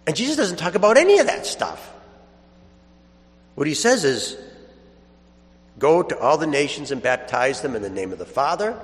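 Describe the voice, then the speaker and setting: Man preaching a homily in a reverberant church. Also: mid-range voice. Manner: conversational storytelling with chuckles. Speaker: priest. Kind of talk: sermon.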